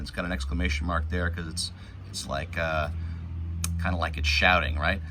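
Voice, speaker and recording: A man teaching young children to read, reading a picture book slowly and patiently, word by word. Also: deep voice, fairly even intonation, pushed and bright, slight background noise.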